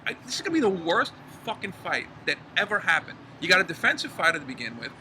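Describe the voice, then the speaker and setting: Ranting man, lively pitch, outdoor noise. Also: fast. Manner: heated, profane ranting. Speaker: podcast co-host. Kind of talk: casual chat. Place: outdoors in a backyard. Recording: clear outdoor background noise.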